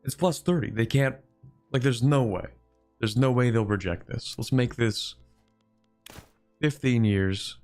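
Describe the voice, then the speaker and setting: A man streaming a strategy game live, talking to chat and bargaining aloud with computer opponents in an animated, joking way. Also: medium pitch, measured pace, pauses often. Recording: faint music behind.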